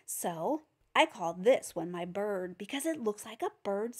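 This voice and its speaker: A woman's voice: mid-range voice, expressive, a little slow, husky. A woman giving a phonics lesson for teachers and parents, patiently sounding out each letter. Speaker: reading teacher.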